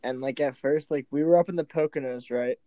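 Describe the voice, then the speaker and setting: A man's voice: mid-range voice, fairly quick, dry recording, muffled recording. A laid-back man in casual chat, telling a story loosely and reacting with jokes.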